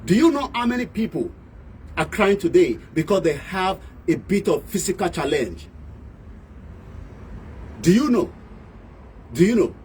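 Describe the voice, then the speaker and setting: A man's voice: high-pitched, very animated, normal speed, long pauses, slight background noise, low-quality recording. A man with a Nigerian accent delivering an impassioned political monologue as a broadcaster. He rants and switches between English, Yoruba and pidgin.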